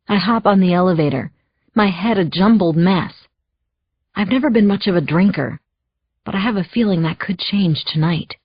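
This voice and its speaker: A woman's voice: fairly low pitch, normal speed, breathy edge, no echo, dull audio. A woman narrating a first-person thriller audiobook in a tense, anxious storytelling manner.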